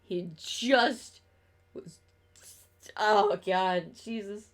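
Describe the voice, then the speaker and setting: A young woman streams a game and talks casually, rambling, sarcastic, and profane, with lots of laughter. She speaks very slowly in a mid-range voice.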